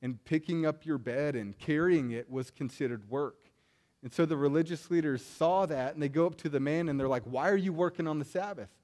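Male preacher with a slightly high voice, casual storytelling delivery that keeps asking "right?". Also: brisk, darkish tone. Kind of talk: conversational sermon.

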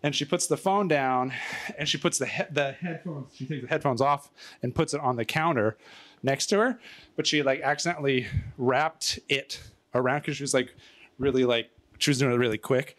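A man's voice: medium pitch, moderate pace, a bit bright. A man telling a rambling story in casual chat, out of breath, stumbling over fillers and laughing often. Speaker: storyteller guest.

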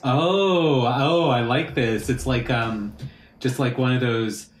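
Brief: slow, rambling male podcast co-host, mid pitch, echoey room. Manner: rambling, lots of uh fillers, playful put-on voices. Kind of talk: casual chat.

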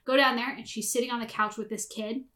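A young adult woman telling a story in a casual chat, animated and freely swearing. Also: fairly high pitch, fast. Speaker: podcast co-host.

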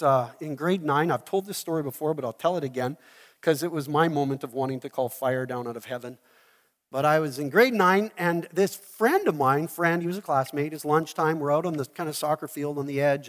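A man preaching a sermon as a pastor, telling the story in an animated way and acting out the scenes. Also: on the high side, in a large hall. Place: church hall.

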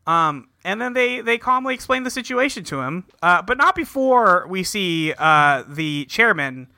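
Man from California, high voice, lively swings, very bright tone, dry close sound. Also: measured pace, no echo. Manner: animated, acts out characters' lines mid-recap. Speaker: podcast co-host. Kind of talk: casual chat recapping an anime episode.

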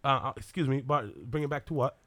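A man's voice: medium pitch, fairly quick, fairly bright tone, no room sound, natural voice. A man putting on a polite but stubborn British male movie star in a put-on British accent, stammering and calling everyone mate. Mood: indignant. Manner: stammering, keeps saying "mate".

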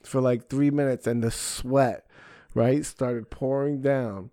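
A young man, a comedian and podcast host, telling a profane, animated story in casual chat. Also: mid-range voice, slow, slight background noise. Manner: profane, animated storytelling with frequent "bro" and "right?".

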